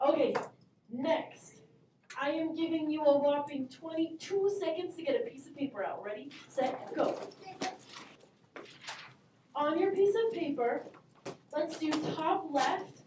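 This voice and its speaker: A woman teaching math to a classroom in a high, bright voice, upbeat and encouraging as she calls on students. She sounds far from the mic, her voice bouncing around an echoey room with faint class murmur behind her. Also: a little slow, pauses often, noisy background.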